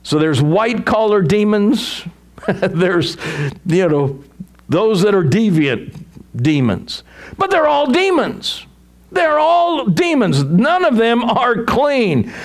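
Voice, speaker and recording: Man preaching, high voice, slow deliberate pace, chuckles, conversational. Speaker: pastor. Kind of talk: sermon.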